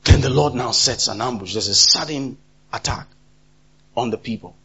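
A man preaching a sermon, emphatic and repetitive, swinging between loud and soft. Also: medium pitch, normal speed, husky, muffled recording.

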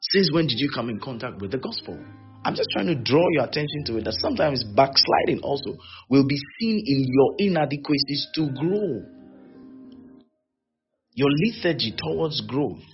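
Man, pastor, sermon, animated, lively pitch, faint music behind. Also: moderate pace, highs cut off. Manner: animated, mock-wailing and teasing.

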